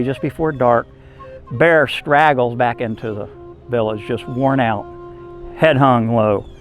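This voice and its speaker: A man telling a folk tale aloud in a casual, folksy manner, with small restarts along the way. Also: medium pitch. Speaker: storyteller.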